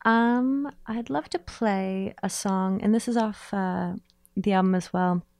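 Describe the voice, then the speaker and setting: A woman's voice: medium pitch, slow, a little mellow, clear, resonant tone, no room sound. A woman musician, a guest on a radio show, chatting candidly about her work in a hotel room set up as a mobile studio, with frequent filler words. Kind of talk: casual interview chat.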